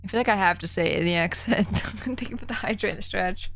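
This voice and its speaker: A woman's voice: medium pitch, a little fast, fairly bright tone, a little hiss or hum. Giggly young woman streaming a game. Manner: giggly, chatty, easily startled. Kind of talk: casual live-stream commentary.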